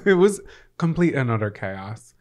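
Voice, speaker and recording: A man's voice: medium pitch, big pitch swings, normal speed, a little mellow. Chatty playful male podcast co-host. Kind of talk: casual chat.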